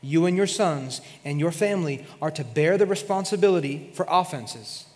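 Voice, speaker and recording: High-voiced preacher in a reverberant hall. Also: male voice, normal speed. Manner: animated storytelling, acting out voices in the story. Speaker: pastor. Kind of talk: sermon. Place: church sanctuary.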